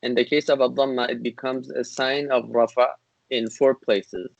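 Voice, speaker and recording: A man teaching an online grammar class through a video-call microphone. He explains slowly and patiently, full of ums and restarts as he feels for examples, then rattles off short classical Arabic passages at speed. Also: mid-range voice, flat delivery, vocal fry, no echo, highs cut off. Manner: hesitant, many fillers and restarts, explains patiently; recites classical Arabic text in rapid bursts.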